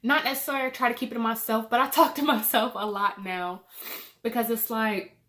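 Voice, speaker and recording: A woman's voice: on the high side, fairly even intonation, a bit bright. Tearful young woman vlogger. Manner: tearful, halting, many fillers and repeats. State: crying. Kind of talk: emotional personal vlog.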